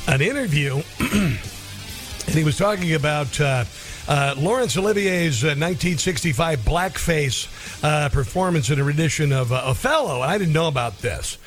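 A man's voice: a little high, animated, normal speed, faint music behind. A man hosting a talk radio show, blunt and indignant, talking with many ums and uhs.

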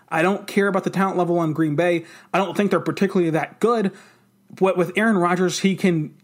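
Excitable higher-voiced man talking football. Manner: fast, excited, rambling. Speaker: sports podcast co-host. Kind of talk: casual sports talk.

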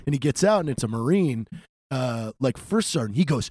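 A man's voice: mid-range voice, lively intonation, fairly quick, darkish tone, dry recording, clean studio sound. A man telling a service story in casual chat, profane and teasing. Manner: laid-back, profane, teasing. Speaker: podcast co-host, veteran.

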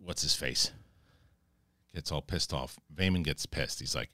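A man hosting a casual TV episode review, retelling scenes in a profane, excitable way. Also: very deep voice, unhurried, no room sound. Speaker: host.

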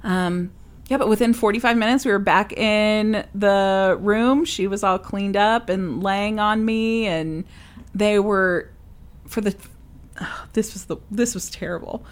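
A young woman co-hosting a podcast, chatting casually and telling a personal story with lively acted-out quotes. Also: mid-range voice, unhurried. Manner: animated storyteller, acts out quoted voices. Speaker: podcast co-host. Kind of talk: casual chat.

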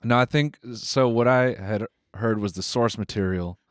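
A man co-hosting a podcast in casual comedic chat, teasing with deadpan jokes. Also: lowish voice, moderate pace, no room sound, clean studio sound. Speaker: podcast co-host.

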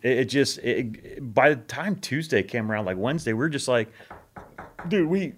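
A man's voice: mid-range voice, lively intonation, fairly quick, a little hiss or hum. Joking man in casual banter. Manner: joking, swears, trails off mid-sentence. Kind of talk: casual chat among veterans.

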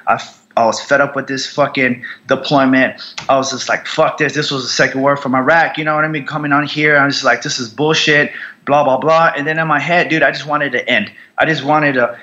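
A young man, a Marine veteran, telling his story bluntly in an interview, with heavy swearing and halting restarts. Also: mid-range voice, fairly even intonation, pushed and bright, lo-fi sound.

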